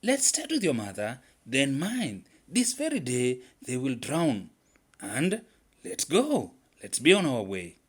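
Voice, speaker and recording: A man voicing a gullible, slow-witted male leopard in a told folktale, speaking in a measured, purring way. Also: mid-range voice, wildly swooping pitch, husky, heavily acted. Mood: excited.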